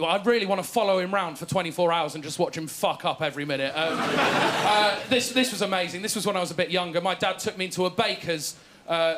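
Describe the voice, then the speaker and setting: High-voiced posh young English comic. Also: male voice, fairly bright tone. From England. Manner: self-deprecating, posh storytelling with acted-out quotes. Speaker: stand-up comedian. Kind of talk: stand-up set.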